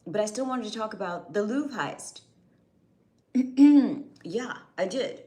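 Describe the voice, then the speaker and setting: A young adult woman hosts a casual live stream, her medium-pitched voice slow, dark in tone, lively in intonation, and slightly strained as if going. She's chatty, greets viewers by name, and often restarts her sentences.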